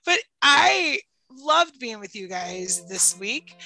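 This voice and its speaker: A woman's voice: fairly high pitch, very animated, takes it slowly, vocal fry, hardly any pauses, sharp tone, faint music behind, rough recording. A woman with a Chicago accent co-hosting a podcast in casual chat, laughing often and saying "like" a lot. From Chicago area. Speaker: podcast co-host.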